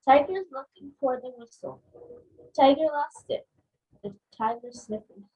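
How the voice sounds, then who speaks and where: A woman's voice: high voice, a little slow, highs cut off. A woman reads a picture book aloud at a book club, expressively acting out the sound effects.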